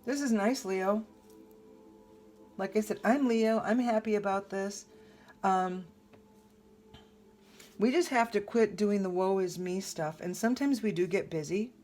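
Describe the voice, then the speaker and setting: A woman's voice: mid-range voice, measured pace, pauses often, a little mellow, soft background music. A woman giving a casual tarot reading, talking in a rambling, conversational way with lots of fillers and restarts. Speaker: tarot reader.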